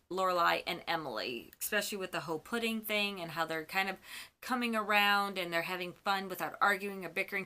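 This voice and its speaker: A woman's voice: mid-range voice, bright, forceful tone. A woman hosting a fan channel, gushing about a TV episode in a casual recap, with plenty of ums and self-corrections. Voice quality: chatty and gushing. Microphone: on camera.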